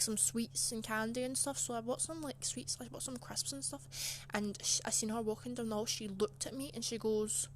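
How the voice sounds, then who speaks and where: A young woman telling a story straight to camera in a chatty, aggrieved way, her sentences loaded with fillers. Her voice sits a little high for a woman. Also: slight background noise. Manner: chatty and indignant, full of "like" fillers. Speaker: channel host. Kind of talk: casual storytime.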